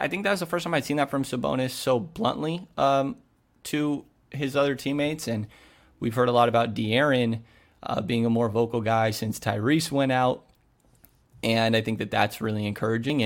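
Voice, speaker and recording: Man rambling with lots of "like". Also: medium pitch. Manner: loose, full of "like" and "you know". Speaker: sports reporter co-host. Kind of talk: casual podcast chat.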